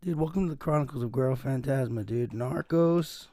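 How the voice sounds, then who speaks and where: A man with a hoarse, raspy voice hosting a casual solo podcast, rambling and self-mocking and saying "dude" a lot. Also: mid-range voice, brisk, warm tone, dry recording, studio quality. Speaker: podcast host.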